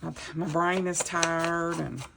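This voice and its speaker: Woman crafter in her home office, slow and rambly, narrating each step of her work. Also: on the low side, fairly even intonation, gravelly, noisy background. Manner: rambling, chatty, talks through each step. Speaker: craft vlogger. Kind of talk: casual chat while crafting.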